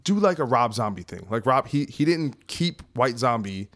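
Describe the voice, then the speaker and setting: A man's voice: mid-range voice, animated, moderate pace, fairly bright tone. Rambling male podcast host, loose talk. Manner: loose, rambling, full of "you know". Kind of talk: casual interview chat.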